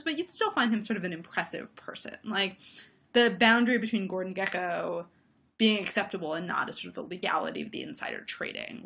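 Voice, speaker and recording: A woman's voice: mid-range voice, creaky, a bit bright. Analytical woman discussing films. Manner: thoughtful, analytical, with frequent fillers. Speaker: film critic. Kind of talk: casual conversation about movies.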